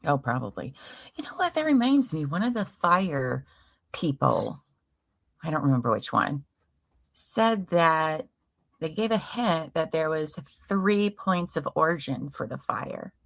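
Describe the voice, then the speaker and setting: Chatty woman host, lowish voice. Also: big pitch swings, a little slow, gravelly, no room sound. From Ohio, USA. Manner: chatty, reads viewer comments aloud. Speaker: true crime livestream host. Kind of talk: casual chat.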